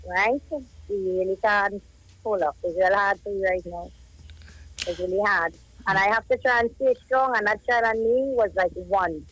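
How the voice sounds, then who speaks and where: A woman's voice: medium pitch, moderate pace, a bit bright, no echo, low-quality recording. A woman in her thirties with a Trinidadian accent, calling in to a live radio show and talking at length through her grief about a lost young relative. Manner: grieving, rambling, emotional storytelling. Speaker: caller, cousin of a child who died. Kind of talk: live radio phone call. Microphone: telephone.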